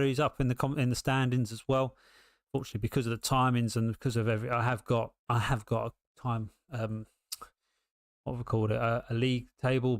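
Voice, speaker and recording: A man's voice: mid-range voice, clear, resonant tone, no room sound, studio quality. A British man giving casual live race commentary, rambling and full of ums and restarts.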